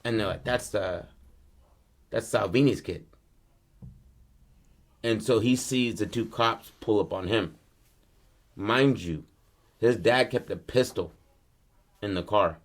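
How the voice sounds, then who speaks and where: A man hosting a podcast, telling a story in a loose, slangy, animated way. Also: fairly low pitch, unhurried, long pauses. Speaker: podcast host. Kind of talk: casual storytelling.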